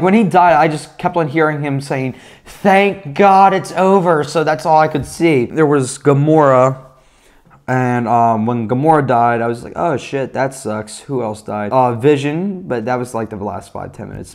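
A young man giving a casual, rambling movie review, excitable and swearing, with lots of fillers. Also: medium pitch.

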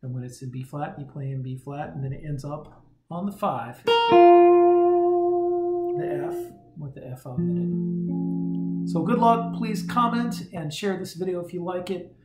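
A man giving a relaxed, conversational guitar lesson, sometimes humming rhythms aloud. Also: a little high, normal speed, long pauses. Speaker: guitar teacher. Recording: roomy sound with guitar playing.

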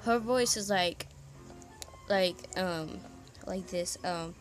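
A woman's voice: on the low side, measured pace, over music. A woman rambling in a moody, self-deprecating way in a casual vlog from her bedroom, half whispering at times, recorded on a phone. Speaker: vlogger. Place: bedroom at home.

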